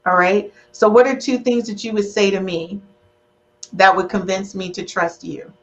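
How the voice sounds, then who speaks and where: A woman's voice: mid-range voice, normal speed. Playful podcast host woman, dull sound. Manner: playful, teasing, emotional. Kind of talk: live relationship podcast chat.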